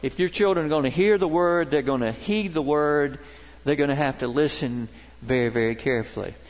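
Folksy pastor preaching in a reverberant hall. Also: male voice, fairly high pitch, brisk. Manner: folksy storytelling preacher, emphatic. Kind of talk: sermon. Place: large worship center.

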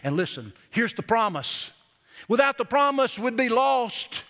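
A middle-aged man preaching a sermon in a church, folksy and storytelling, leaning on slowed, emphatic phrases. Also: extremely high pitch, very animated, a bit bright. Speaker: pastor. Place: church sanctuary. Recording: church hall with long reverb.

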